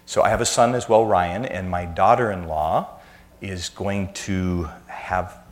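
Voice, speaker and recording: A man in his fifties with a notably low, deep voice addresses a congregation in a relaxed, conversational sermon. He weaves in self-deprecating family stories before turning to his teaching. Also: unhurried. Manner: anecdotal, self-deprecating storyteller. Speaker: church speaker.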